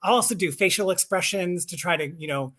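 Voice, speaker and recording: A man's voice: high voice, a little fast, fairly bright tone. A voice actor and audiobook narrator chatting casually and enthusiastically, laughing at himself as he explains his craft. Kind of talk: casual chat on a live stream.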